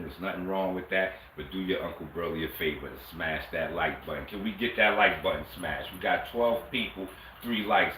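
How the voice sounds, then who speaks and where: On a livestream, a man leads a martial arts lesson in a relaxed, street-smart way, urging viewers on. His low voice sounds pushed and bright, with a faint hiss or hum underneath. The mic sits far off in a room full of echo.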